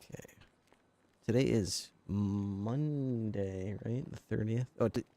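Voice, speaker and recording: A man's voice: fairly low pitch, takes it slowly, mellow. A man role-playing as a police sergeant in an online game, talking in a playful, hammy way and laughing often. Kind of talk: casual role-play chat.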